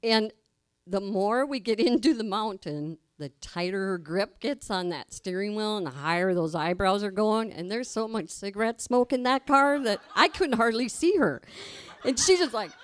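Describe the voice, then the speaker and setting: A woman's voice: mid-range voice, expressive, normal speed, dry recording. Woman, middle-aged, live storyteller, casual and colloquial, laughs often, acts out quotes, dry sound. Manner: colloquial, laughs through her own story.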